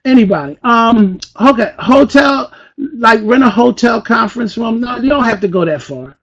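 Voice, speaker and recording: A man with a strikingly high voice delivers a motivational business training, hyped and full of energy. He keeps throwing questions at his listeners and pushes them along like a preacher working a crowd. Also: lively intonation, moderate pace, fairly bright tone, dull audio. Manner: addresses the audience with questions. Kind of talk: motivational online training talk. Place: Philadelphia.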